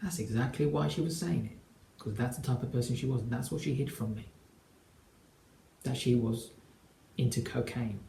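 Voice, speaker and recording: A man's voice: mid-range voice, normal speed, vocal fry, pauses often, mellow, a little hiss or hum. A man in his twenties, a relationship coach, telling a personal story to camera in an earnest, emphatic way. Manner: earnest and emphatic, acts out quoted dialogue. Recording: echoey room.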